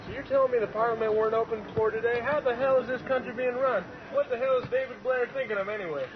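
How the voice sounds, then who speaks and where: Loud texan cowboy yelling woo-wee, way high, traffic noise everywhere. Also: male voice, fast. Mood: rowdy. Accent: Texan, put on. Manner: whooping, hollering yeehaws. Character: loud brash Texan cowboy reporter, man. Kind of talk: comedy street reporting. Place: outdoors on a busy city street. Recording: dull TV audio, loud crowd and traffic.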